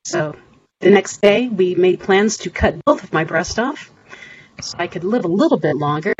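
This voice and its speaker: A woman's voice: fairly low pitch, lively intonation, normal speed, husky. A middle-aged woman, a guest on a podcast interview, telling her story earnestly and acting out quoted voices. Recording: slightly dull audio with faint hiss.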